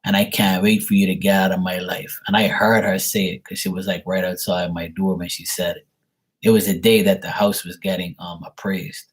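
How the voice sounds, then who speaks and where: Husky man venting bluntly. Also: low-pitched, little pitch movement, moderate pace. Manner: blunt, profane, repeats himself. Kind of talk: casual venting monologue.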